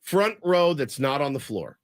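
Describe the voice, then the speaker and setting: A man's voice: a little high, big pitch swings, a little slow, no room sound. A man hosting a casual sports radio show in a studio, telling long rambling stories. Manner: rambling storyteller, imitates people he quotes. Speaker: radio host. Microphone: studio microphone.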